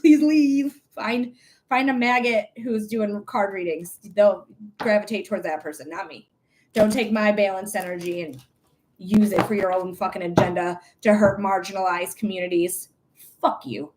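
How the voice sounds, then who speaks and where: A woman hosting a live psychic-reading stream, talking in a blunt, outspoken way, swearing freely and tossing quick asides to viewers. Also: medium pitch, a little mellow, slight background noise. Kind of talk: casual live-stream chat.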